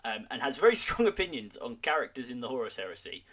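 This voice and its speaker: A man's voice: mid-range voice, sing-song, fast, a bit bright. A man hosting a podcast in casual chat, telling stories in a chatty way. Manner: chatty storyteller who slips into quoted voices. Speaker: podcast host.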